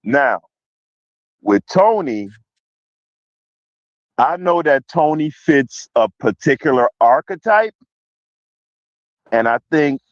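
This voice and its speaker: A man's voice: a little high, sing-song, slow pace, pauses often, no echo, muffled recording. A man co-hosting a podcast, arguing in casual heated debate and repeating phrases to hold the floor. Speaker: podcast co-host.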